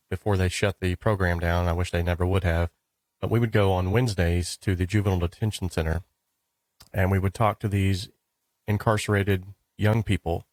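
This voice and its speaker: A man hosting an interview, chatting casually and telling stories in an animated way, often saying "dude" and "like". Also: sits low, no echo. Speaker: podcast host.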